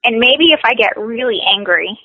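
A woman coaching a tapping session, speaking slow, repetitive scripted phrases. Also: a little high, animated, husky, no room sound, narrow, tinny audio.

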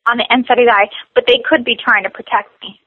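A woman coaching a tapping session, speaking slow, repetitive scripted phrases. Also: fairly high pitch, steady tone, no echo, narrow, tinny audio.

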